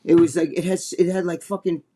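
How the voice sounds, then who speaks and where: A man co-hosting a talk show, telling a story in a casual, animated, profane way and acting out the people he quotes. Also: a little high, a little fast, husky. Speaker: co-host.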